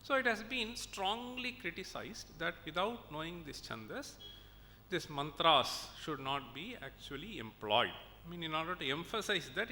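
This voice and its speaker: An Indian man gives a conference lecture as a professor, working through examples patiently and pausing to check that listeners follow. His voice is very bright and a little high. He is recorded in a reverberant hall with a faint low rumble underneath. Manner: explains step by step, checks in with "okay?" and "right?".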